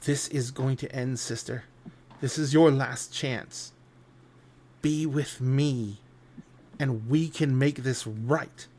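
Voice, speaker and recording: A man's voice: mid-range voice, fairly even intonation, slow, long pauses, darkish tone. A man voicing Atropos, the eldest of the fates, grave and menacing. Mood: grim. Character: Atropos, cold eldest woman of fate.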